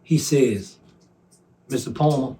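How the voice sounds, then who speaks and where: A man in his forties telling his personal testimony, softly and earnestly recounting a conversation by voicing each side. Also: mid-range voice, slow. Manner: recounts dialogue by voicing both sides, soft and earnest. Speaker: testimony speaker.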